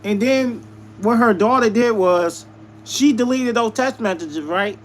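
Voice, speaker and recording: Male live streamer, high voice, venting and repeating himself for emphasis, faint background hum. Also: a little slow. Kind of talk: venting storytelling to viewers.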